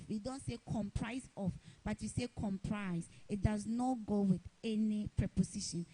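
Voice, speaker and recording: A woman giving a televised grammar lesson as a teacher, deliberately repeating each example sentence. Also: a little high, mellow, husky, low-quality recording.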